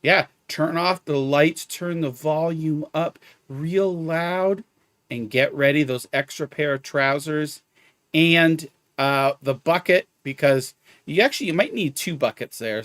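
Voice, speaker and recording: A man live-streams a video game, chatting casually with viewers, marveling at the graphics and apologizing for hiccups. His voice is on the high side and fairly bright, with lively intonation and a slow pace. There is no echo.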